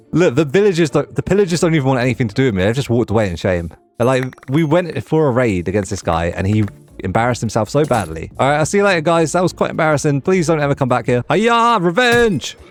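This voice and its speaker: A young man narrates his gameplay in a quick, chatty flow, and his pitch swings up and down as he talks. He jokes with the characters on screen. Soft music plays quietly underneath. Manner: playful, talks to the game villagers. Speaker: Minecraft gaming creator.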